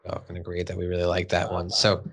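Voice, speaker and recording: A man hosting a casual podcast, retelling scenes with lively energy. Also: sits low, fast talker, creaky. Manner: animated, acts out cartoon voices while retelling scenes. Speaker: podcast host.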